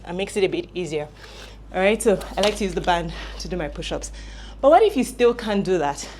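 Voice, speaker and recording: A woman's voice: on the low side, animated, a little fast, a little mellow, slight background noise. A woman coaching home workouts, explaining form while demonstrating exercises and getting out of breath. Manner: friendly, instructive, demonstrating exercises while talking.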